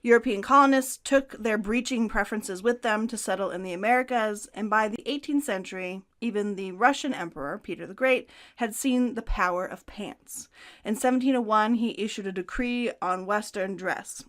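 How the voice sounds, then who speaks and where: Woman, podcast co-host, scripted history narration, steady and clear. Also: medium pitch, normal speed.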